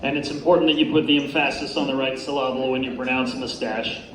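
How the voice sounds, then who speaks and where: A man performing an open mic stand-up set in a dry, unhurried way, with frequent "uh" fillers. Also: mid-range voice, flat delivery, background noise. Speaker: stand-up comedian. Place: comedy venue with a live room. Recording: roomy venue sound, faint ambience.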